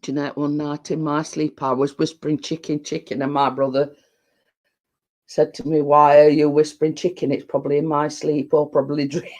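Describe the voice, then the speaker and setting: During a casual live chat, the middle-aged vlogger reads viewer comments in a low, darkish voice with flat delivery at a moderate pace. She meanders, laughs, and frequently repeats herself.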